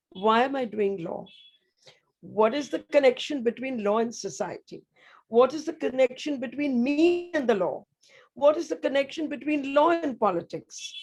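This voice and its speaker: Senior woman guest speaker, a bit high-pitched, earnest and measured, formal talk on a video call. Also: a little mellow, husky. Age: older. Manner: measured, earnest, rhetorical questions. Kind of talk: formal address to students.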